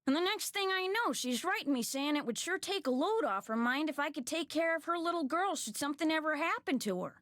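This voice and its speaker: A woman's voice: high voice, animated, a little fast, few pauses, a bit bright, no echo, clean studio sound. An actress playing a talkative, folksy female innkeeper in a video game, with a nasal voice and an odd old-fashioned accent. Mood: folksy chatty. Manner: folksy, talkative, period slang.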